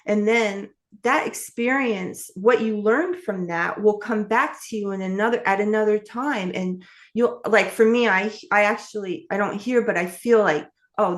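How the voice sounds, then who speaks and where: A middle-aged woman telling a story as an interview guest, rambling along with many fillers and self-corrections. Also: mid-range voice. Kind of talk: casual storytelling chat.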